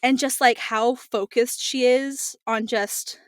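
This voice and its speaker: A woman with a somewhat high voice talks casually as a guest in an interview, quick to act out little quoted voices and laugh along. The sound is close and dry, with no room around it. She comes across animated and expressive. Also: clean tone, no echo. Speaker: voice actor guest.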